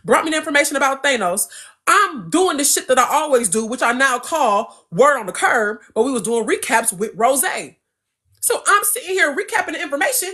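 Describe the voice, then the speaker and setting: A young adult woman as an interview guest, telling a story in a casual, animated, profane and emphatic way. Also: high-pitched, fairly quick.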